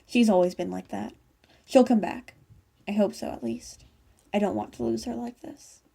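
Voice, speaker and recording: A woman puts on a gentle young brother in a storybook, soft-spoken and pleading. The voice sounds mellow with a slight gravelly rasp. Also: mid-range voice, normal speed.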